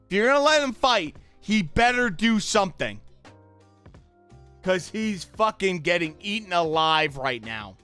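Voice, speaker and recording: A young man streaming a live reaction, angry and profane, shouting bursts that trail off into mutters. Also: sits high, big pitch swings, measured pace, clean tone, faint music behind. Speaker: streamer reacting to a boxing fight.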